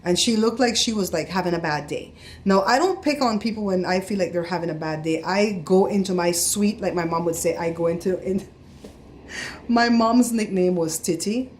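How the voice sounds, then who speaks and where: Animated middle-aged woman telling a story. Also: lowish voice, moderate pace, a little hiss or hum. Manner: animated, acts out quoted voices, gets heated. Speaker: vlogger. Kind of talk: casual storytelling vlog.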